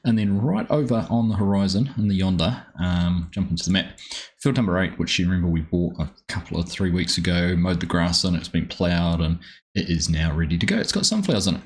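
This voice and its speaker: A man's voice: low-pitched, expressive, fairly quick. A man streaming a farming game live, chatting easily and greeting viewers by name with plenty of ums.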